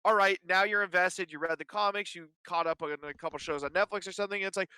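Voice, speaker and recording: A man's voice: high voice, quick pace, hardly any pauses, sharp tone, clear, resonant tone, no room sound. A man co-hosting a casual fan discussion, enthusiastic and acting out imagined conversations. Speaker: co-host.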